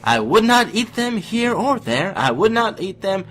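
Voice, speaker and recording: A man putting on a high, loud and excitable voice for a goofy friend character reading a rhyme. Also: unhurried, slight background noise, full character voice. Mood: excited.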